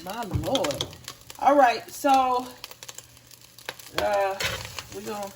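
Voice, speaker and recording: Chatty mom cooking in a sizzling kitchen. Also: female voice, mid-range voice, very slow, long pauses, roomy sound, far from the mic. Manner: chatty, apologetic, laughs at her own mistakes. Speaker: home cook, mother. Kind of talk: casual cooking vlog. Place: home kitchen. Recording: voice a little off-mic, noisy kitchen. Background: sizzling frying pan and clicks.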